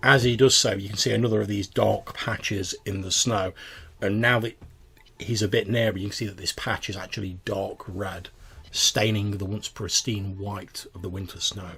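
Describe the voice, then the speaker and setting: A man narrating as game master of a tabletop game, halting and full of fillers. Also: on the low side, steady tone, gravelly, a bit bright, husky.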